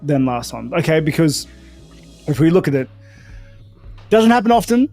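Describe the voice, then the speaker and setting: A man with a higher voice makes his case in casual talk. He keeps checking that his listener follows him, with faint music behind. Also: very animated, moderate pace, a little mellow. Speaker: fighter giving a prediction. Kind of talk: casual conversational prediction.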